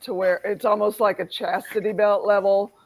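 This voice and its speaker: A woman's voice: mid-range voice, flat delivery, normal speed, creaky, crowd noise, low-quality recording. A woman in an online recovery meeting who asks a question in a casual chat and then explains her point. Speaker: meeting participant.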